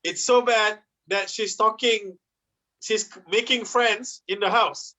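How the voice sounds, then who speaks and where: A man's voice: sits high, steady tone, slow, pushed and bright. A man in his thirties with a Malaysian English accent doing a chatty stand-up comedy set and laughing at his own jokes. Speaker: musical comedian.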